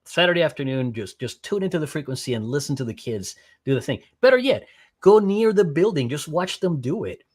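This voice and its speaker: A podcast guest who skydives and operates ham radio talks in a slightly high, breathy voice with wide pitch swings and a brisk pace. He's casual and enthusiastic, rambling along, often restarting his sentences and tossing in "right?"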